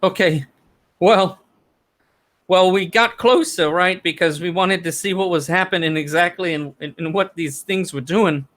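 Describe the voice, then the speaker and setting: A man's voice: high-pitched, measured pace, a bit bright, voice pushed up. A man voicing a frightened, shaken male survivor who stammers and repeats words, trembling near tears.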